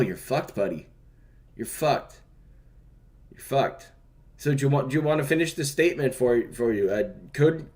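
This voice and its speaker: A man hosting a livestream, pausing a clip to mock its speaker with profane, taunting commentary. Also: fairly high pitch, fairly bright tone. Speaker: commentary streamer.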